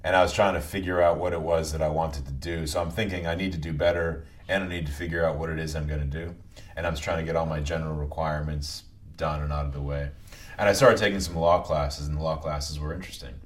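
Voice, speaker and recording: A middle-aged man from New England, a podcast guest telling stories in a relaxed, halting way, often restarting his sentences. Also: very deep voice. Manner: relaxed, halting, restarts phrases, many murmured agreements. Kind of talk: conversational interview.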